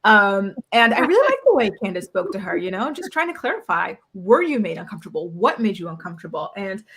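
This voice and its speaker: A woman's voice: mid-range voice, sing-song, fast, creaky, fairly bright tone, slightly rough. A woman guest in a casual recap chat, outspoken and blunt with her opinions. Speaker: guest commentator.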